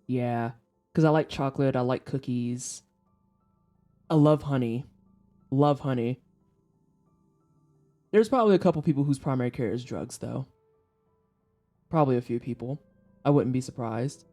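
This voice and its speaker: A woman in her thirties chats with her viewers in a relaxed, mellow voice. She tells her stories bluntly and candidly and swears without a second thought. Faint music plays low behind her desk microphone. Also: normal speed, long pauses. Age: 30s. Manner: blunt, profane, candid storyteller. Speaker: streamer chatting with viewers. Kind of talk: casual chat. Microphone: desk microphone for headphone listeners.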